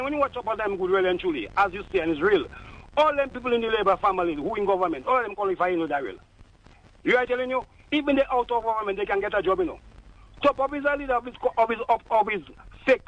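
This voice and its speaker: A man with a Dominican accent calling in to a radio show, talking politics in a fervent, rambling way and repeating catchphrases. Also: high voice. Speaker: radio caller. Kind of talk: call-in political commentary. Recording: dull lo-fi dry radio line.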